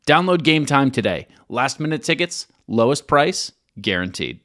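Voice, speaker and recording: A man's voice: sing-song, normal speed, a bit bright. A man co-hosting a podcast, delivering an upbeat ad read and teasing his co-host in casual chat. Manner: upbeat pitchman, playful teasing.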